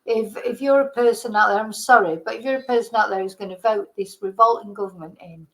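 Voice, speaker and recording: A woman's voice: medium pitch, quick pace, rough recording. A woman from Britain, a vlogger, delivering an indignant, heated political rant with some swearing.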